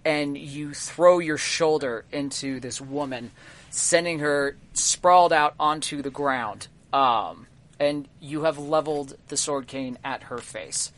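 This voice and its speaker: A man narrating a tabletop game as game master, unhurried and full of fillers. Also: on the high side. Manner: relaxed, halting narration with many fillers.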